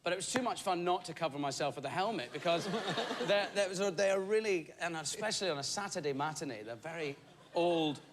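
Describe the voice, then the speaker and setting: Cheeky laughing guy telling a story, high bouncy voice, loud hiss in the clip. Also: expressive, brisk. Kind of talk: casual interview chat. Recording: very noisy clip.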